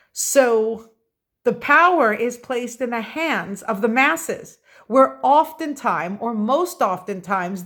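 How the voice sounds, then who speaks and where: A woman's voice: fairly high pitch, fairly bright tone. An American woman giving opinionated political commentary in a vlog, talking straight to her viewers and stressing key words. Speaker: political vlogger.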